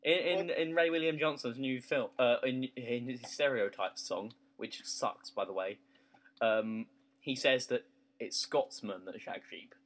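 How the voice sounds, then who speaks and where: A man's voice: mid-range voice, unhurried, fairly bright tone. A man hosting a casual podcast over game footage, rambling and giggling, often tripping over his words. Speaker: podcast host.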